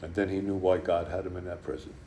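A man's voice: low-pitched, flat delivery, fast talker, warm tone, roomy sound, slight background noise. A man speaking at a recovery meeting, telling a personal story to the group in a blunt, conversational way with lots of fillers.

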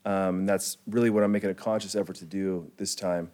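A man's voice: low-pitched, steady tone, fairly quick, a little mellow. Laid-back young man telling his story. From California, United States. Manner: laid-back slangy storytelling, heavy on "like", chuckling. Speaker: recovery speaker sharing his story. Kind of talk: personal testimony to a group.

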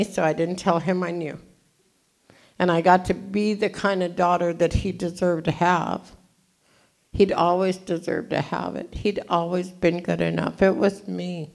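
A woman in her seventies from California gives an animated, jokey, self-deprecating storytelling talk as a recovery meeting speaker. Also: lowish voice, gravelly. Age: 70s.

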